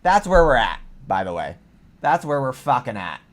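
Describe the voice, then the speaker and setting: A man's voice: medium pitch, big pitch swings, moderate pace. A man hosting a vlog, delivering a heated, profane reaction rant. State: sweaty after ranting. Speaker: political commentary vlogger.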